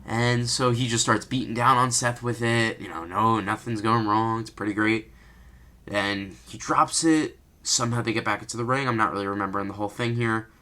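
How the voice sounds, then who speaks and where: A man's voice: lowish voice, moderate pace, bright, forceful tone. A man giving an unscripted, exasperated rant as a vlogger recapping a wrestling match, full of rhetorical questions.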